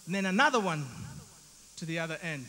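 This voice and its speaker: A man from Uganda with a Ugandan accent doing animated stand-up storytelling, acting out voices with self-mocking asides. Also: fairly high pitch, a little fast. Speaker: stand-up comedian. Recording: live in an echoey hall.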